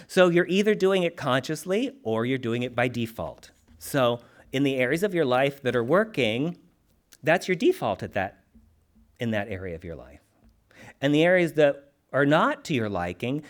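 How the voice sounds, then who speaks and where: Man, spiritual teacher, somewhat high voice, animated, humorous, chatty. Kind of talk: talk to a congregation.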